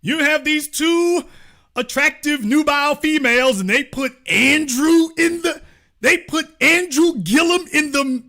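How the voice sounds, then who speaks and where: A man's voice: very high-pitched, measured pace, bright, forceful tone. A middle-aged man hosting an online show, giving sarcastic political commentary full of mocking, theatrical rhetorical questions.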